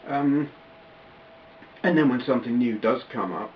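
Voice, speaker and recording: A man talks casually straight to camera, wandering off on tangents and catching himself mid-sentence. His voice sits at an ordinary middle pitch. The recording is a little dull and lo-fi, with a faint hiss of noise underneath. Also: a little slow. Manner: rambling, self-interrupting, chatty with frequent fillers. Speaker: retro gaming YouTuber. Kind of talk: casual vlog chat. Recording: slightly dull lo-fi audio with faint background noise.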